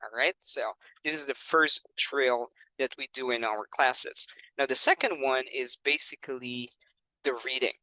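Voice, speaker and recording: Bright-voiced male English teacher. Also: medium pitch, a little slow, no room sound, rough recording. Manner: clear, patient, with frequent "all right" and "you know". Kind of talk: explaining teaching methods.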